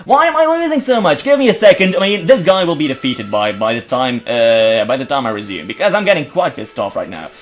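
A man's voice: medium pitch, big pitch swings, a little fast, hardly any pauses. A young man from Belgium giving casual gameplay commentary, frustrated and swearing, sometimes reading game text aloud in silly voices. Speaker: let's play commentator.

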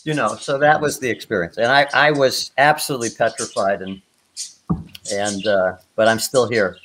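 A man's voice: lowish voice, fairly even intonation, moderate pace, a bit bright, a little hiss or hum. Older man rambling through a story. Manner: rambling, many restarts, laughs at own stories. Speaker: guest performer. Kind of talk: anecdotal storytelling.

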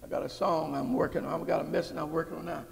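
High lively gravelly preacher guy, call and response, big church reverb. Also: fast talker, a little hiss or hum. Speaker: pastor. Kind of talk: sermon. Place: church sanctuary. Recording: long hall reverb.

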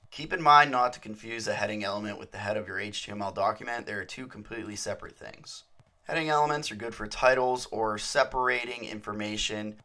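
A young man narrating a screen-recorded coding tutorial, explaining code step by step in a steady manner. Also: on the low side.

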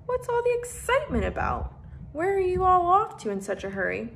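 A woman's voice: very high-pitched, wildly swooping pitch, fairly quick, creaky, a little hiss or hum, voice pushed up, heavily acted. A woman reading aloud and voicing a bustling, kindly housekeeper who calls out after the children. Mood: fussing. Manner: fussing, calling out.

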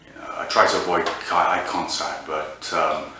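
A man from England delivering a comic monologue in a halting, rambling, hesitant way. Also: extremely low pitch, flat delivery, sharp tone. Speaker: comedian. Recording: echoey room, distant mic, faint noise.

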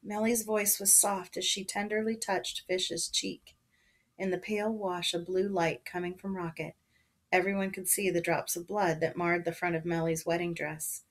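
A woman reads a children's novel aloud to her listeners, narrating with expression and giving the characters voices. She talks casually and sits a little low in pitch for a woman. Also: flat delivery, moderate pace. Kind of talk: reading a book aloud to listeners.

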